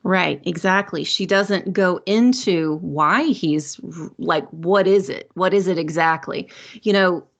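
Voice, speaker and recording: A woman's voice: on the low side, slow pace, creaky, a bit bright. A woman with a Southern US accent, co-hosting a podcast in a chatty, rambling way and laughing often. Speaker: podcast co-host. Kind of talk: casual chat.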